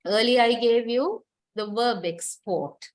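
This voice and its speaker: Non-native English woman teacher, unhurried, a bit high-pitched, repeats words as she explains. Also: animated. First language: not English. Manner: patient, explains step by step, repeats words to model stress, checks in with "right?". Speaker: English linguistics lecturer. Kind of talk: recorded university lecture.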